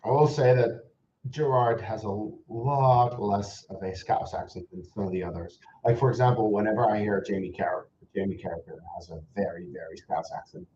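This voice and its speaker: Young Dutch man, American-accented English, mellow voice, chatty reaction streamer, echoey room. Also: fairly low pitch, a little fast. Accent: American-influenced English. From Netherlands. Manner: chatty, exasperated, rambling asides. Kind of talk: live reaction commentary. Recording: slightly dull echoey room with faint noise.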